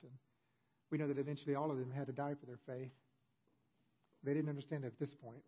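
A man's voice: medium pitch, steady tone, fast, long pauses, breathy edge, highs cut off. A male pastor giving a sermon in a conversational storytelling manner with humorous asides.

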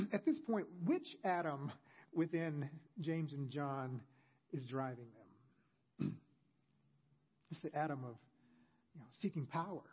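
A man's voice: a little high, slightly rough, lo-fi sound. A male pastor giving a sermon in a conversational storytelling manner with humorous asides.

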